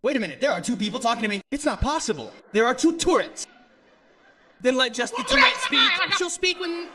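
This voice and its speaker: A man from Brazil working the crowd at a stand-up show. His voice sits very high and bright, and it swings widely as he teases people and laughs along with them. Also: a little fast, a little hiss or hum. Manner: teasing, animated, laughing often. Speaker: stand-up comedian. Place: comedy stage before an audience.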